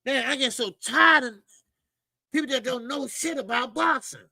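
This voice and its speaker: Male host with a high, raspy voice, emphatic slangy boxing rant, dry room. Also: normal speed, sharp tone, no echo. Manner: emphatic, repetitive, slangy, calls listeners "baby". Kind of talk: animated boxing commentary rant.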